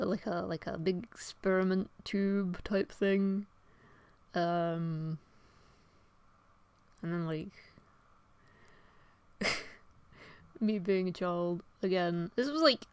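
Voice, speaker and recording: A woman's voice: fairly low pitch, a little mellow, no room sound. A young woman chatting casually while she draws, rambling, swearing often and laughing at herself as she retells an old story. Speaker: artist and vlogger. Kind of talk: casual chat while drawing.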